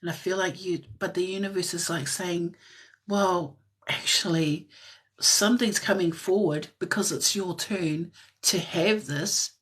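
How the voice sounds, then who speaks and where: A woman giving a live-stream tarot reading in a soft, musing way that drifts into whispers, with frequent light laughs. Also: fairly low pitch, steady tone, moderate pace, breathy edge. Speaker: tarot reader.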